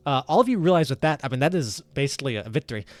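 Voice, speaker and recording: A man's voice: medium pitch, animated, racing, dry recording, soft background music. A man narrating as game master in a casual, rambling way. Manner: casual, rambling, many fillers.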